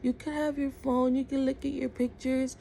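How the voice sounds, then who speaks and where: A woman quoting a loud, pushy male date. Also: sits high, level tone, moderate pace, creaky, slight background noise, voice pushed up. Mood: backpedaling. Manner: loud, bossy outbursts.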